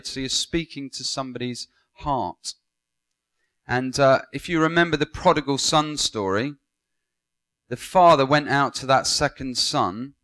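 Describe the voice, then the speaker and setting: Male lecturer, mid pitch, interactive classroom delivery. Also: fairly bright tone. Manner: engaging, asks the class questions and praises answers. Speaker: Bible school lecturer. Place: lecture room with students.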